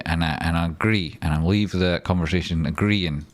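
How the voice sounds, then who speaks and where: A man hosts a casual live trading stream from home. His voice sits very low. He rambles, swears and speaks his mind bluntly, and the sound is close and dry. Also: fast talker, few pauses, no room sound.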